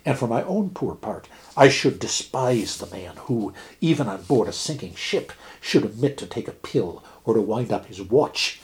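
A man voicing a calm, philosophical ship captain in a read-aloud fable, speaking gently and with measured reasoning. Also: lowish voice, lightly acted.

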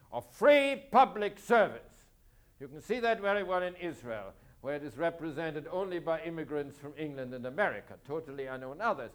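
A man with a high voice lectures on history to a class. He speaks emphatically, poses rhetorical questions and answers them himself, and repeats his key points to drive them home.

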